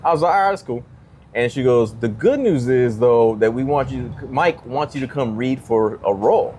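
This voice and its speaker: A man's voice: medium pitch, moderate pace, a little hiss or hum. A man, a comedian guest on a podcast, telling a story in a casual way and acting out the other people's lines in changed voices. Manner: animated, acts out quoted dialogue in changed voices.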